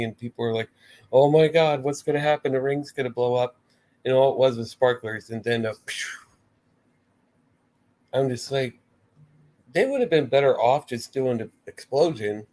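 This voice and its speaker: A man's voice: medium pitch, a little mellow. Rambling, exasperated male wrestling channel host. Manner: rambling, exasperated, swears, mimics his own reactions. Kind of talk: casual livestream commentary.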